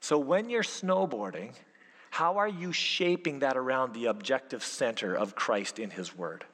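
A man preaching as a youth pastor, animated and full of rhetorical questions. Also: mid-range voice, measured pace. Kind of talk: sermon. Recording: long hall reverb.

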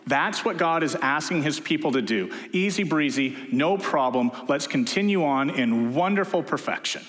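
A man preaching a sermon, telling stories and acting out quotes in different voices. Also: medium pitch. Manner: lively storyteller, acting out quotes in character voices. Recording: echoey hall reverb.

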